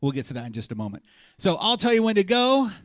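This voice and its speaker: High-voiced energetic male event host. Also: fast, dry recording, clean studio sound. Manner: energetic, joking, calling out instructions. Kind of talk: live event hosting, directing a stage game. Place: convention stage before a live audience.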